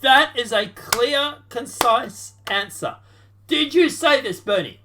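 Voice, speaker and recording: A woman's voice: a little high, animated, takes it slowly, background noise. A woman giving casual, sarcastic reaction commentary on a political debate, rambling with restarts. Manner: sarcastic, rambling, with restarts and mock-quoted voices.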